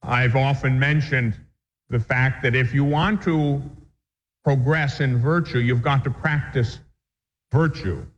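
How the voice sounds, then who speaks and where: A man, a priest, teaching a catechism class in an earnest, deliberate way, reading from the text and then explaining it. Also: medium pitch. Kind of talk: catechism lecture. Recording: echoey dull lo-fi recording.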